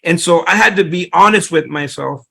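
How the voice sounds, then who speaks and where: A middle-aged man speaks as an interview guest, his voice gravelly and sitting a little high. He rambles through his story, restarting sentences and leaning on fillers as he goes. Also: moderate pace, sharp tone. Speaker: real estate investor guest.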